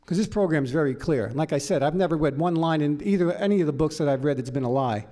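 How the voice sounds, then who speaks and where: A man from Los Angeles telling his life story at a recovery meeting, animated and profane. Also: a little high, fast. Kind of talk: personal story talk.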